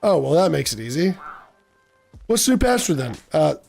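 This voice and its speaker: A man's voice: fairly high pitch, very animated, moderate pace, gravelly, darkish tone, faint music behind, exaggerated voice. A man voicing a pompous, posh male bookstore clerk who talks down to customers in a prim, condescending manner.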